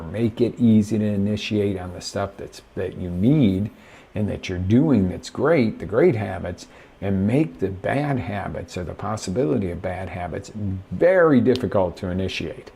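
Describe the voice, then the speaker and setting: Gravelly, animated male life coach. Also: lowish voice, measured pace. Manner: animated, emphatic, talks straight to viewers. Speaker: life coach hosting a live show. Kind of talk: motivational live-stream talk.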